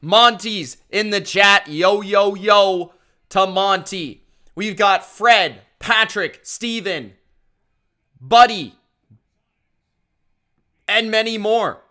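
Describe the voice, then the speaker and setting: A man hosting a live stream, calling football play-by-play with a hyped announcer-style delivery and shouting out his chat. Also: high voice, drawn-out words, pauses often. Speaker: live-stream sports commentator.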